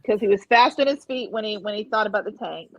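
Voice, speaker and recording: A woman's voice: mid-range voice, fast, no echo, rough recording. A woman chatting casually as a guest on a live fan show, often chiming in to agree. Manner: agreeable, frequent affirmations. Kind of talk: casual chat.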